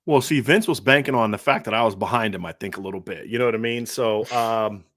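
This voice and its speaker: A man hosting a casual sports podcast, talking quickly and acting out other people's quotes. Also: on the low side, dry recording, studio quality. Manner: fast, animated, acts out quotes. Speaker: podcast host.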